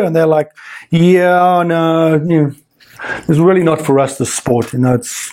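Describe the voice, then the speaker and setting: Middle-aged man, high-pitched, dive instructor type, spins an emphatic story full of acted-out dialogue and fillers. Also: measured pace, long pauses, a little hiss or hum. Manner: animated, emphatic, acts out quoted dialogue; frequent fillers and repeated words. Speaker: scuba diving instructor. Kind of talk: storytelling anecdote.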